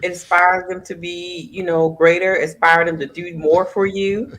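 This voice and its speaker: Soft-spoken woman from the South. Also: lowish voice, flat delivery, a little slow, low-quality recording. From Southern United States. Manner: soft, reflective, with many fillers. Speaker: guest. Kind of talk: casual conversation on a podcast.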